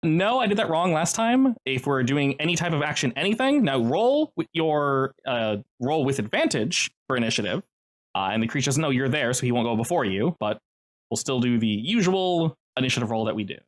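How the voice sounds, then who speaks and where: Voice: mid-range voice, fairly quick. A game master narrating a tabletop game in a playful, joking way. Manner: playful, animated narration with jokey asides.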